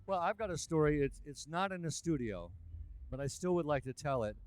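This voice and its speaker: A man, a musician and producer, telling a lively anecdote in a casual interview. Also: fairly high pitch, a little fast. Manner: animated, lively anecdotal delivery. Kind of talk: casual storytelling.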